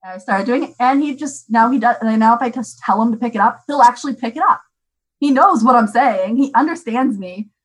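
A young woman talking casually as a parent, chatty and animated with many fillers. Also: fairly high pitch, a little fast, slightly rough, low-quality recording. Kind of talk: casual chat.

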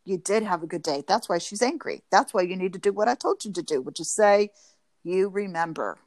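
A woman's voice: medium pitch, fast talker, no echo. A woman therapist talking animatedly in a podcast interview, acting out what spouses say. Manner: animated, acts out spouses' lines in quoted voices. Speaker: marriage and family therapist, guest.

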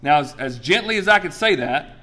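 A fairly high-voiced man in his forties preaches to his congregation. He tells stories with lots of energy, jumps to loud bursts and then drops to soft, earnest asides. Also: brisk. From United States. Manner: animated storytelling, swings from loud exclamations to soft earnest asides. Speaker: pastor. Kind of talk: sermon.

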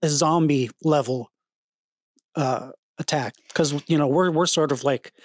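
A woman's voice: low-pitched, unhurried, darkish tone, no echo, clean studio sound. A woman co-hosting a podcast in casual chat, cutting in with stammered restarts. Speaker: podcast co-host.

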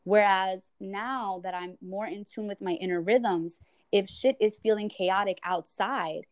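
A woman's voice: medium pitch, steady tone, measured pace, dry recording. A woman psychotherapist talking earnestly and reflectively in a casual podcast conversation, with many "you know"s. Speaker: psychotherapist guest.

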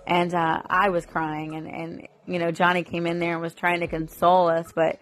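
A woman's voice: fairly low pitch, little pitch movement, normal speed, a little hiss or hum. A woman in her thirties telling a personal family story to her viewers, emotional and rambling, full of fillers and restarts. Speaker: mother vlogger.

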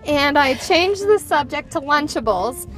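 A woman's voice: high-pitched, measured pace, faint music behind. Chatty woman reading a listener story. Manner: animated storyteller, laughs and breaks into giggles. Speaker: podcast co-host. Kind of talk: casual podcast chat, reading a listener story.

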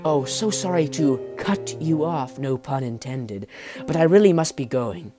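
A man's voice: a little high, animated, a little slow, music in the background. A man voicing a sly, cold villain who mocks his younger brother in an audiobook. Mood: mocking.

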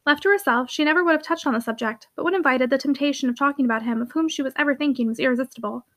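A woman narrating a classic novel as an audiobook, reading briskly and evenly. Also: high voice.

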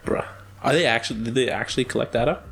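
A young man co-hosting a podcast in casual chat, animated and jokey, laughing often. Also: mid-range voice, racing, creaky, a little hiss or hum. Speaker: podcast co-host.

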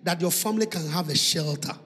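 Shouting preacher in a reverberant hall. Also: male voice, fairly high pitch, fast, soft background music. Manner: shouting, impassioned, sing-song preaching. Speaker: bishop, preacher. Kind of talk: fervent sermon. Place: church hall.

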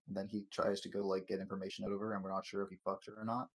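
A man's voice: on the low side, little pitch movement, fast talker, hardly any pauses, a little mellow. A man hosting a casual chat, rambling and swearing through a TV episode recap, stumbling over words and laughing.

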